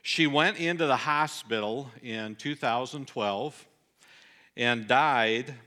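A middle-aged man delivering a sermon, telling a personal story earnestly and dropping soft and low at the sad moments. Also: slow pace. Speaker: pastor.

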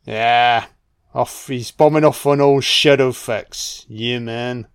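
A man's voice: mid-range voice, fairly even intonation, takes it slowly, clear, resonant tone. A man giving a casual, jokey, sweary film commentary. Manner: laid-back, sweary, jokey.

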